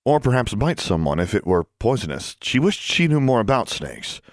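A man reading a story aloud in an even, measured narrating manner. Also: medium pitch, no echo, clean studio sound. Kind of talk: scripted audiobook narration.

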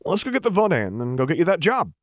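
A man reading an audiobook voices a cheerful, mischievous young man with a bright, teasing delivery. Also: on the high side, sing-song, quick pace, no room sound, studio quality, voice pushed up.

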